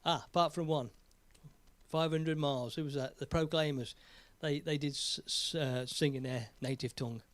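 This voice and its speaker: A man's voice: fairly high pitch, fairly even intonation, normal speed, no echo. An English man hosting his own music live stream, chatting in a rambling, jokey way. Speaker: live stream host and singer. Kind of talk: casual live stream chat.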